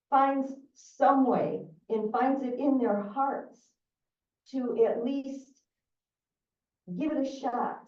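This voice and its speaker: Woman pleading at council, swooping pitch, dull lo-fi distant chamber. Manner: impassioned, pleading. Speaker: public commenter. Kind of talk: public comment at a council meeting. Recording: dull, echoey, far from mic.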